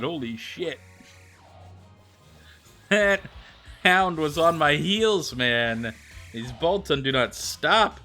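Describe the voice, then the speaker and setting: Bright-voiced chatty male game streamer. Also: mid-range voice. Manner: chatty, greets viewers by name, laughs often. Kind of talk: casual live-stream chat.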